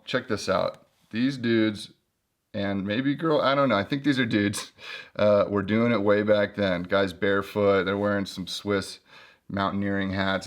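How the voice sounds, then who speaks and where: Chatty male host, casual book review, lowish voice, joking asides. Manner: chatty and joking, flips through pages. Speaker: host reviewing an old climbing guidebook.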